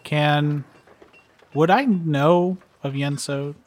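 A man taking part as a player in a tabletop game, asking hesitant, halting questions. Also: fairly high pitch. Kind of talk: casual tabletop play.

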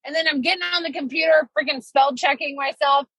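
A woman in her forties with a high, bright voice banters on a podcast. She tells stories and teases her co-host in a loose, chatty manner. The sound is close and dry. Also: steady tone, fast, gravelly, dry recording, low-quality recording. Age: 40s. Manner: teasing, chatty storyteller. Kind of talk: casual chat. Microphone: podcast microphone.

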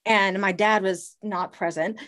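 A woman's voice: mid-range voice, steady tone, a little slow, fairly bright tone. A young woman hosting an interview, speaking candidly and personally as she tells a story before asking her question. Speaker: interview host. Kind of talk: casual interview talk.

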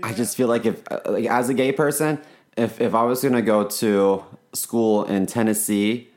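Low-voiced, laid-back male podcast co-host. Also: steady tone, normal speed, a little mellow. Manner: laid-back storyteller, dry teasing, hesitant fillers. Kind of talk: casual chat.

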